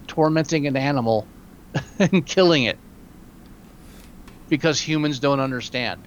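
A man co-hosting a podcast in casual movie chat, wry and opinionated, quick to joke. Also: medium pitch, dull audio, a little hiss or hum. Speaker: podcast co-host.

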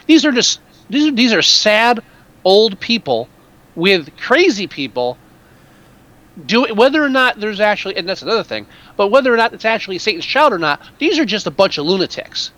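A man co-hosting a podcast, chatting casually about a film in an animated, rambling way with many restarts. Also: high-pitched, normal speed, poor audio. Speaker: podcast co-host.

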